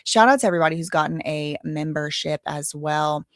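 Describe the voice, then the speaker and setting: A woman's voice: low voice, a little fast, no echo, clean studio sound. Tired, rambling woman streaming. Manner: chatty, rambling, addresses viewers as y'all. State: tired, low energy. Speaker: live stream host. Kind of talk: casual live stream commentary.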